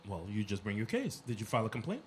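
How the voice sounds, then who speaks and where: A man's voice: lowish voice, quick pace, a little hiss or hum. A man, animatedly retelling a run-in in casual chat, acting out the voices. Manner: animated, acts out dialogue in anecdotes.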